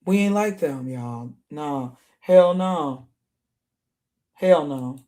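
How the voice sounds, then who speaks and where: A man's voice: fairly high pitch, expressive, very slow, warm tone. A man giving heated reaction commentary, repeating himself in outraged, rambling asides. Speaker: online commentator.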